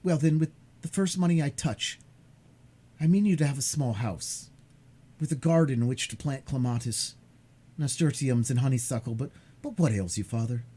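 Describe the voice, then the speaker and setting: A man reading aloud, voicing an eager, impulsive young sailor who speaks with excited emphasis. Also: medium pitch, normal speed, breathy edge, voice pushed up, lightly acted. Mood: caring. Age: young adult.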